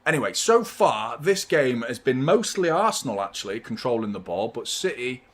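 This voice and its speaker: A man's voice: mid-range voice, sing-song, a little fast, few pauses, a bit bright, husky. A man hosting a live football watchalong, giving chatty, partisan fan commentary and swearing freely.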